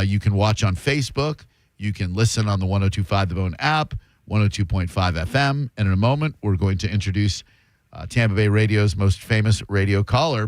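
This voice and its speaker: A man's voice: on the low side, no echo. A man hosting a radio show, telling rambling, self-mocking stories in casual talk from a studio.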